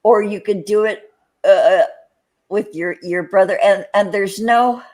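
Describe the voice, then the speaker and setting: An older American woman hosts a casual talk show. She rambles and hesitates, filling her sentences with fillers. Her voice sits at a middling pitch. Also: unhurried, darkish tone, poor audio. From United States. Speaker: host. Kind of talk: casual chat.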